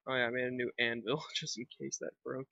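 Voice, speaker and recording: A man's voice: mid-range voice, little pitch movement, quick pace, creaky, pushed and bright, dry recording. A young man chatting casually while playing a game, rambling and thinking aloud with lots of fillers. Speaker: gaming vlogger. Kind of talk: casual gameplay commentary. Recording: dull lo-fi home mic.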